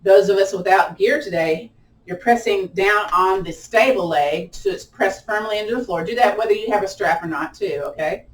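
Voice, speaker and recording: A woman with a mid-range voice and a lilt leads a live online chair yoga class at a moderate pace, chatty and encouraging, with playful whoops during the holds. The mic sits at a distance, and the room has a roomy echo.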